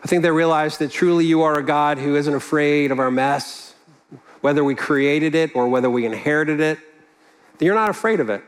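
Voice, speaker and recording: Give me a male pastor giving an earnest, conversational sermon in a slightly high voice. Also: moderate pace. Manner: conversational, earnest, with asides and restarts.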